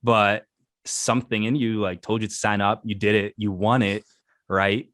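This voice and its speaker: A man's voice: fairly low pitch, flat delivery, fairly bright tone. Eager young man hosting a talk show. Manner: eager, enthusiastic fan, quick to react. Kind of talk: casual interview.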